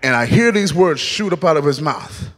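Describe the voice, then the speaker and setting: Man, high voice, animated storytelling sermon, church hall with long reverb. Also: normal speed, background noise. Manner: animated storytelling, acting out scenes. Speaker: guest speaker. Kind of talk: testimony sermon.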